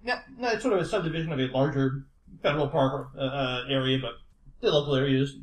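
Halting game master man, echoey room. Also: medium pitch. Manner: halting, with many fillers and restarts. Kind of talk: recapping a tabletop game session.

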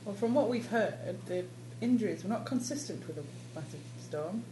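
An inquisitive woman at a tabletop game, pressing questions in character with a teasing edge. Her pitch rises and falls expressively. The room sounds echoey, with clear noise behind her. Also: lively intonation, moderate pace, mellow. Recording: roomy table recording with audible noise.

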